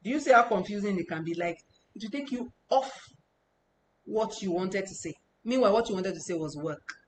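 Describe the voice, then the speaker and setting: A woman's voice: mid-range voice, lively intonation, brisk, slight background noise, poor audio. A woman teaching a language lesson, patiently explaining step by step and drilling syllables by repeating them in each tone.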